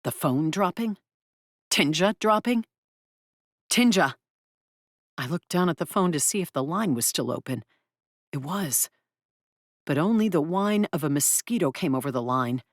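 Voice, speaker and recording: A woman narrating an audiobook in the first person, in an expressive, brisk way. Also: low voice, no echo, studio quality.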